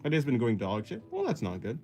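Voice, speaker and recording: Rambling streamer man with a lively voice. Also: mid-range voice, quick pace, faint music behind. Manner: rambling, self-deprecating, laughs often. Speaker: art livestreamer. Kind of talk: casual livestream chat while sketching, reading chat aloud.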